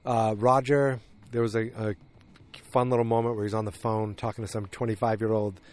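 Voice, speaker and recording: A man with a fairly low voice talks through an episode recap like casual chat. He wanders, restarts his sentences and fills the gaps with ums. It sounds like a relaxed solo podcast host. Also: a little fast. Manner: meandering retelling with frequent restarts and fillers.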